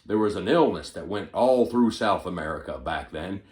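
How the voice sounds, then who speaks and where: A male comedian doing an impression of a rambling, forgetful elderly male politician, stumbling over repeated words with sudden loud bursts. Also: low voice, lively intonation, moderate pace, reverberant. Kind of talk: stand-up impression monologue.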